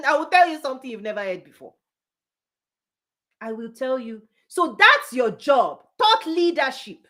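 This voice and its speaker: A woman business coach giving a forceful motivational talk, repeating punchy phrases and laughing often. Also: high voice, big pitch swings, moderate pace.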